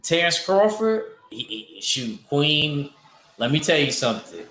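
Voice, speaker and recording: A man's voice: fairly high pitch, sing-song, measured pace, fairly bright tone, echoey room, slight background noise. A man hosting a casual boxing livestream, rambling loosely and answering his chat. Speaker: boxing show host reading chat.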